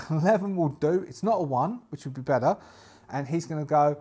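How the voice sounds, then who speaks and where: A man's voice: fairly high pitch, brisk, dark tone, breathy edge. Chatty man narrating a solo tabletop game. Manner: chatty, thinks aloud over dice rolls.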